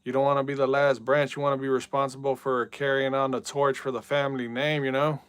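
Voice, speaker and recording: A man live-streaming a football video game in casual chat, reading out viewer messages and yelling at big plays. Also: mid-range voice, level tone, a little fast, smooth, no echo.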